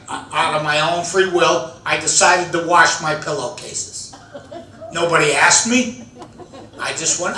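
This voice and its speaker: An older man, an after-dinner speaker telling stand-up style comic stories, building to excited shouted punchlines. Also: high voice. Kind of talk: stand-up storytelling. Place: large event hall with an audience. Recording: echoey hall, mic at a distance, audience laughter.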